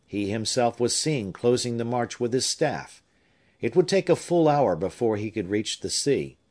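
This is a man narrating a novel for an audiobook, speaking at medium pitch. The reading is scripted, expressive, and carefully measured.

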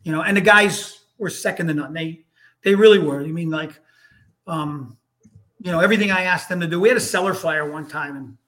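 A man's voice: on the high side, fairly quick, a bit bright. A middle-aged man, a retired fire lieutenant telling stories in casual, profane chat and acting out the voices.

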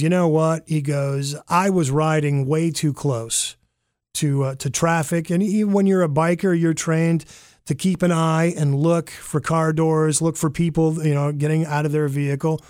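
A man casually recounting a personal mishap, animated and rambling, with fillers and self-corrections. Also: a little high, normal speed, no room sound, clean studio sound. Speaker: storyteller.

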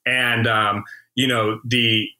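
A man comedian hosting a podcast, talking openly in a halting way with many restarts. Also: medium pitch, flat delivery, sharp tone, rough recording. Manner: halting, full of restarts and fillers. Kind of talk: casual podcast chat.

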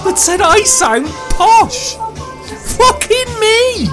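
Man putting on a loud crude lad, higher than his own voice, lively swings, swearing and cackling. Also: measured pace, over loud music. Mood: laughing, bragging. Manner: boisterous, swearing, laughing, stammering restarts. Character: crude cheerful English lad, young man abroad. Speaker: character leaving a phone message. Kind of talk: voiced phone message in a solo tabletop game.

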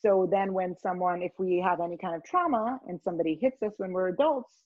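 A woman guest in an interview, telling stories in a rambling, animated way. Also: fairly low pitch, brisk, no echo, lo-fi sound. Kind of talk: conversational storytelling.

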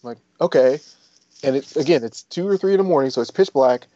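A man, a former Marine turned firefighter, speaking in a casual interview, rambling and profane, and he gets animated when he retells stories. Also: mid-range voice, very fast, no echo, muffled recording.

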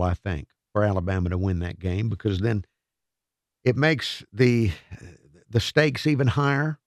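A man's voice: medium pitch, gravelly, no echo, studio quality. Playful male radio talk show host. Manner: playful, self-mocking, trails off and restarts. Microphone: studio microphone.

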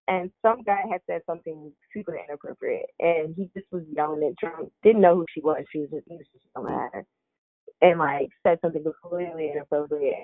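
A young woman wrestler, a guest in a casual interview, telling lively stories, laughing and acting out what others said. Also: medium pitch, dry recording. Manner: animated, laughs often, acts out quotes. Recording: dry narrow phone-like line.

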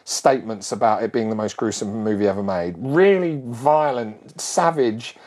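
A middle-aged man telling a long childhood story in a casual, animated way, full of quick asides. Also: fairly low pitch.

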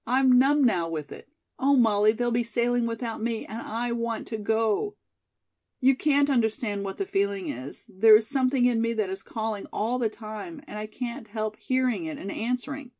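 A woman's voice: on the high side, normal speed, a little mellow, natural voice. A woman voicing a passionate, dreamy young college girl in a storybook reading, pleading and rapturous by turns. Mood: distraught.

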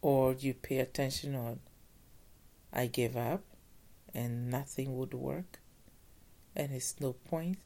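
Gravelly-voiced woman giving an earnest pep talk. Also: very deep voice, fairly even intonation, takes it slowly, long pauses, mellow. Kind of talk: motivational talk.

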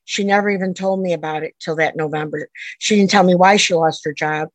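A middle-aged woman with a lowish voice recounts a family story in earnest, meandering sentences that keep jumping back and forth in time. The recording is dry and close, with almost no room sound. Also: steady tone, brisk, dry recording, poor audio. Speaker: interviewee, a mother telling her daughter's story. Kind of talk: personal storytelling.

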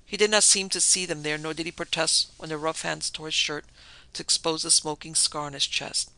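Gravelly man narrating a dark tale. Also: on the high side, no echo.

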